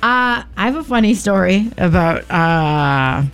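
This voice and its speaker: A woman's voice: lowish voice, animated, a little slow, fairly bright tone, clear, resonant tone. A woman co-hosting a radio show, telling stories casually and sprinkling in lots of "like". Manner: chatty, lots of "like", laughs at her own stories. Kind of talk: casual storytelling banter. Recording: radio studio with faint music bed.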